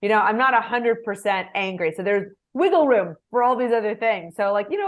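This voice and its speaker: A middle-aged woman executive coach answering interview questions in a lively way, acting out example phrases. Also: mid-range voice, brisk. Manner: animated, gives examples with acted phrases.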